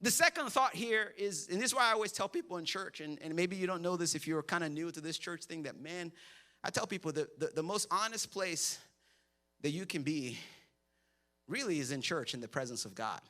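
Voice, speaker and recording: A man preaching a sermon in church, telling stories with humor and lively, animated delivery. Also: fairly high pitch, fairly quick. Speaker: pastor.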